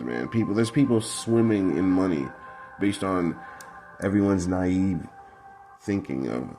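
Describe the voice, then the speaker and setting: A man's voice: low voice, a little mellow. A man breaking down football game film in a heated, profane, combative rant. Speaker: football analysis vlogger.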